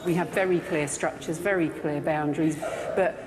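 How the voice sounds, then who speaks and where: A woman's voice: sits low, fairly even intonation, moderate pace, noisy background. A woman on a school's staff, earnestly explaining in an interview.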